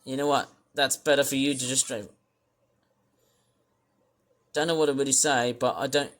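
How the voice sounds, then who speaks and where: A man on a rant, scolding at a shout and then rambling, with many repeated words and restarted sentences. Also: medium pitch, fairly even intonation, moderate pace. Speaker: commentary ranter. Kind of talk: angry rant over stream footage.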